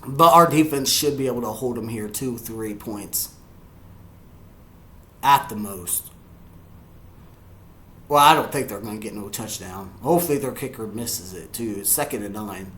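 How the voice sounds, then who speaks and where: A man giving excitable live reaction commentary on a football game, yelling at the players and chuckling often. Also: on the low side, unhurried, long pauses, echoey room. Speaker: sports fan reacting to a game.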